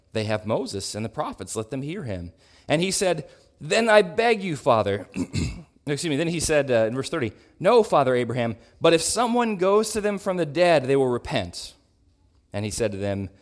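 A man teaching a Bible lesson to his congregation, talking it through thoughtfully, sometimes clearing his throat and correcting himself as he reads. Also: mid-range voice. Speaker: preacher.

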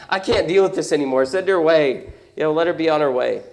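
A man voicing fed-up male disciples who beg for a shouting woman to be sent away. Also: fairly high pitch, fast talker, creaky. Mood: exasperated.

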